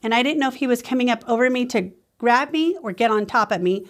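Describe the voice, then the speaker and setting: A woman's voice: fairly high pitch, fast talker. A middle-aged woman, a business owner, telling stories in a podcast interview and acting out the voices in them. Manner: animated, acts out the voices in her stories. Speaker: small-business owner guest.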